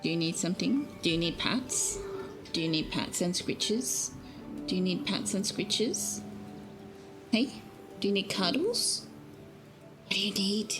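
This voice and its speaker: A woman's voice: medium pitch, animated, a little slow, pauses often, music in the background. A woman streamer in a casual live-stream chat, teasing her viewers and cooing at her cat, speaking into a desk microphone at home. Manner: chatty, teasing, talks to her cat in baby talk.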